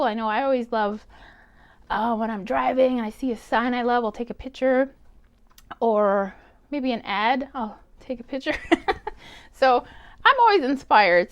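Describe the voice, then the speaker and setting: A woman teaching a casual craft tutorial, chatting playfully as she works with her hands. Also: on the high side. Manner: chatty, playful, upbeat, talks while working. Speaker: art teacher.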